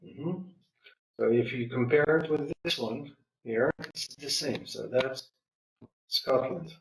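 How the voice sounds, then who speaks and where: A man's voice: medium pitch, slow, gravelly, echoey room, recorded from a distance, rough recording. Patient man teaching an English class. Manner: patient, prompting students, repeating answers. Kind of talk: classroom lesson.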